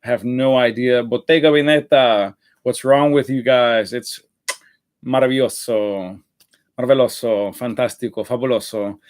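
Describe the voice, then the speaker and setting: A man hosting a live fragrance review in a casual, rambling way, with many fillers and self-corrections. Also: medium pitch.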